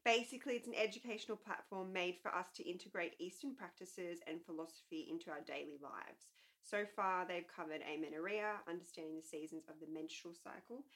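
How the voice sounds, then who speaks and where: A woman co-hosting a podcast in casual chat, her voice hoarse and nasal from a cold, chatty and quick to laugh. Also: lowish voice, fairly bright tone. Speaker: podcast co-host.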